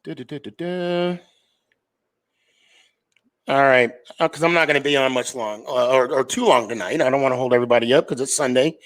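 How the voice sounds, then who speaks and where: A man's voice: medium pitch, fast, few pauses, fairly bright tone. A man hosting a live sports podcast stream, talking casually and rambling with lots of fillers and restarts.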